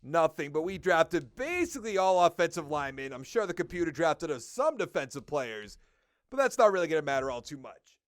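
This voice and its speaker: A man with a Boston accent talks through a football video game in casual commentary, reading off stats and contract numbers as he decides. His voice sits high and swings up and down a lot. The sound is close and dry. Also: big pitch swings, fairly quick, no echo. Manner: thinking aloud while ticking through stats and numbers. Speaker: gaming video creator.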